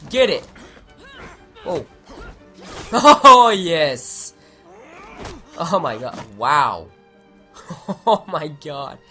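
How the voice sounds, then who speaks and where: A young man giving excitable let's play commentary, swearing and shouting at the game. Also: on the high side. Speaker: gaming commentator.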